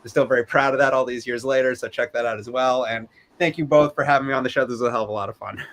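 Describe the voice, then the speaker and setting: New dude talking fast on a podcast, swears a lot, laid back. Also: male voice, mid-range voice, fairly even intonation, fairly bright tone. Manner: loose, profane, self-deprecating. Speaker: podcast guest. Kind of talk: casual chat.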